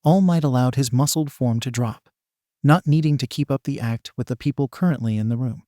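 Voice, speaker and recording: A man narrates a fan fiction story in an even, unhurried way. His pitch sits in the middle of the range, and the recording is dry and close, with no room sound. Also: no echo.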